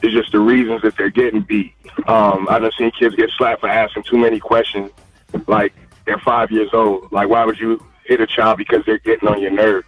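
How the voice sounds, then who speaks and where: A man from Tennessee calling into a radio show, speaking in a measured, reflective way. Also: fairly low pitch, little pitch movement, no echo, faint music behind. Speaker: caller. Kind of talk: radio call-in. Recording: dull, dry call-in line.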